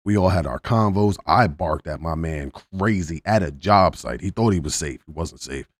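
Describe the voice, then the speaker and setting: A young man with a very low voice chats on a podcast in a relaxed, slangy way. He backs up his friend, then tells his own work story. The room sounds dry and close. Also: moderate pace, dry recording. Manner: laid-back, supportive, slangy. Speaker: podcast co-host. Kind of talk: casual chat.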